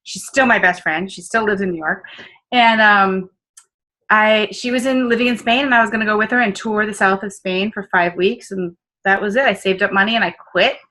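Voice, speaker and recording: A woman with a Midwestern accent recounts her past in a loose, talkative interview. Her voice is bright and tense, and she throws in lots of asides and fillers. She mocks herself easily and keeps the story rolling. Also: medium pitch, steady tone, moderate pace, rough recording. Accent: Midwestern American. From American Midwest. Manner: chatty and self-mocking, full of fillers and quoted asides. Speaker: business consultant guest.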